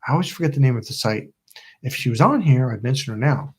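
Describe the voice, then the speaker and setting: On his channel's casual livestream, a middle-aged Napa, California man tells a rambling, swear-heavy story, acting out the quotes. He talks at a quick pace in an expressive, husky mid-range voice.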